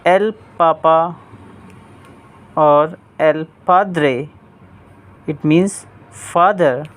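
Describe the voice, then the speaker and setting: A young man teaching Spanish family words, repeating each term carefully and clearly. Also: a little high, fairly even intonation, very slow. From India. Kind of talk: vocabulary lesson, word by word.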